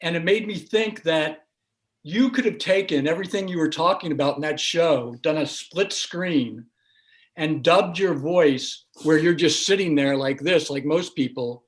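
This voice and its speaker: Male panelist, slightly high voice, thoughtful, filler-heavy, video call. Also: measured pace. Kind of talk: casual panel chat.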